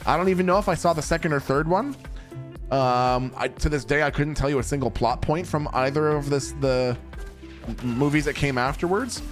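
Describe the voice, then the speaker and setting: A man's voice: a little high, normal speed. A young man streaming a game and chatting casually with viewers, laid-back, swearing and laughing a lot. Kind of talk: casual chat while gaming. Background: game music.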